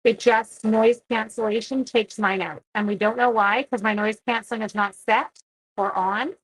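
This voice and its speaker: A woman's voice: on the high side, fairly even intonation, moderate pace, fairly bright tone, slightly rough. A woman chatting her way through a live-stream card-making demo, self-mocking and talking to herself as she works. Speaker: seventh-grade teacher.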